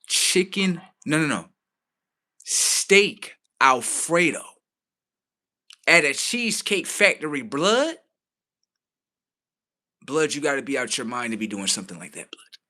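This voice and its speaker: A man with rants to his stream. His pitch swings up and down and his tone is bright. He talks casually, incredulous, and swears freely. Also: takes it slowly, long pauses. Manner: animated, incredulous, swears freely, quotes others in his own voice. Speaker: livestream host. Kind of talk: casual storytelling rant.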